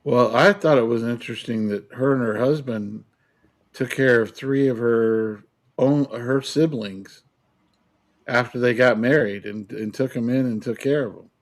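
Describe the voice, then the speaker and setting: A man's voice: mid-range voice, measured pace. Laid-back man with dry humor. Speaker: co-host. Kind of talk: casual chat.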